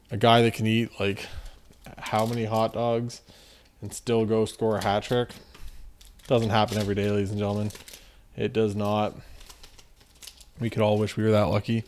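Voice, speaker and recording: A man hosting a card-opening video, chatting casually and joking as he reads off names in quick runs. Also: on the low side, darkish tone, smooth. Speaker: card-opening channel host. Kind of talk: casual commentary while opening card packs.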